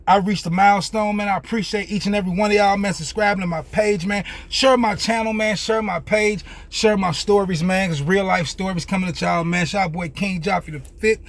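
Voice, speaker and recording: A man's voice: high-pitched, fairly even intonation, a little fast, hardly any pauses. A young man telling a casual, profane story in loose street slang as a vlogger.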